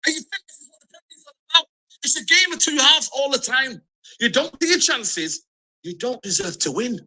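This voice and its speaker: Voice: sits high, expressive, brisk, sharp tone, poor audio. A football fan in a ranting video clip, speaking in an emphatic, repetitive, frustrated way.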